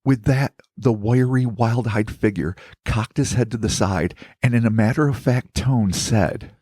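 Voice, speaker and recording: A man hosting a podcast, reading out a story in a measured, dramatic narration. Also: medium pitch, mellow, husky, dry recording, studio quality. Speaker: podcast host.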